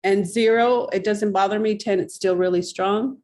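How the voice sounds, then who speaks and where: A woman's voice: medium pitch, steady tone, moderate pace, darkish tone. A woman coaching a tapping exercise, giving step-by-step instructions in a coaxing, instructive way. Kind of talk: guided tapping demonstration.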